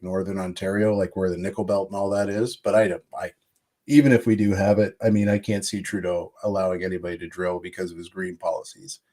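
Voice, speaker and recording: A man's voice: deep voice, a little mellow. A man from Canada, a guest on a late-night livestream, chatty, joking and self-deprecating. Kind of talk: casual chat.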